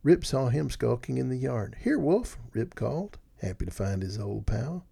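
A man narrating a storybook in an expressive, animated reading. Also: medium pitch, moderate pace, vocal fry, husky.

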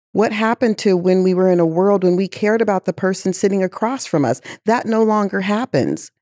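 Impassioned woman with a dark, mellow voice. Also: lowish voice, dry recording, clean studio sound. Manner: impassioned, emphatic rhetorical questions. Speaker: guest, chief diversity officer. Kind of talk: interview conversation.

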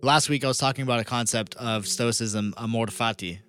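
A man's voice: mid-range voice, fairly quick, a bit bright. A man hosting a podcast, reflectively explaining ideas in casual conversation. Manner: reflective, explains philosophy earnestly. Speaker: podcast host. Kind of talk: casual interview chat.

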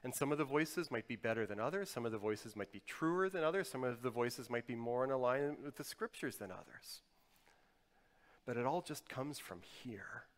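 A male pastor delivers a sermon with real dynamic sweep, rising to forceful emphasis and then dropping to hushed, close tones. His voice rings out through a long, lingering hall reverb, as in a church sanctuary. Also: medium pitch, animated, brisk, hardly any pauses. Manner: dynamic, swings from loud emphasis to quiet intimate tones.

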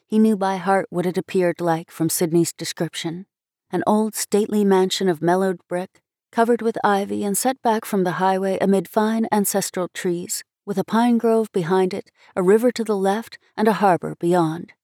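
A woman reads a classic story aloud with an expressive, measured delivery. Her pitch sits in a middle range. The recording is dry and close, with no room sound. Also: no echo. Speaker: story reader. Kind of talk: storybook narration.

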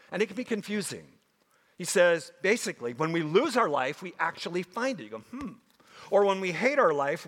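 A man preaching a sermon to a congregation, emphatic and animated, with frequent asides to his listeners. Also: fairly high pitch. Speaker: pastor. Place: church sanctuary. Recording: long hall reverb.

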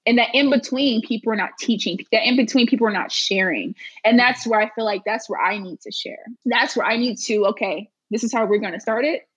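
A woman's voice: a little high, a little fast, few pauses, breathy edge, dry recording, muffled recording. A woman guest talking earnestly and emphatically in a casual interview, repeating her phrases for weight.

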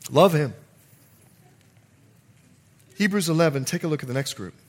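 A male pastor giving an evening church sermon, telling a personal story with animated delivery and bursts of loud exclamations. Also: a little high, moderate pace.

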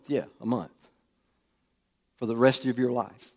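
A man's voice: mid-range voice, measured pace, darkish tone, husky. A middle-aged man, preaching as he tells a humorous personal story and throws questions to the audience. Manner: folksy, asks the audience questions. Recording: long reverb of a large hall.

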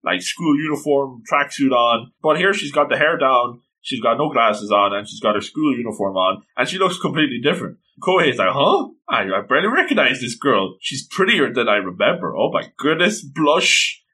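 A man casually retelling an anime episode, animated and slipping into quoted lines. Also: medium pitch, moderate pace, hardly any pauses. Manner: animated, quoting characters in passing. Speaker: anime recap commentator.

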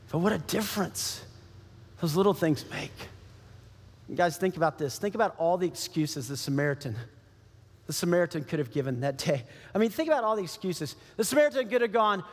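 Male pastor, emphatic sermon delivery with repeated phrases, high voice, long hall reverb. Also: normal speed.

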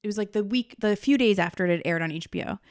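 Female co-host, middle pitch, dry close mic, emphatic opinionated storyteller. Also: fast talker, clear, resonant tone, no echo. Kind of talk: casual chat.

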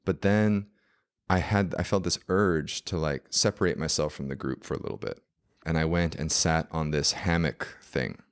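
A man's voice: extremely low pitch, steady tone, normal speed, clean tone. A man, a podcast guest, telling a story in a casual, rambling way, full of fillers and acted-out quotes.

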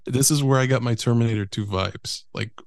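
A man's voice: mid-range voice, a little fast, creaky, no room sound. A man co-hosting a podcast, chatting casually and enthusiastically about a film and swearing freely. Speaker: podcast co-host. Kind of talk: casual movie review chat.

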